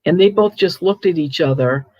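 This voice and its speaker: An older woman hosting a casual chat, telling stories in a chatty, animated way with frequent restarts. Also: fairly low pitch, normal speed, no echo, highs cut off. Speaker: host, ghost medium.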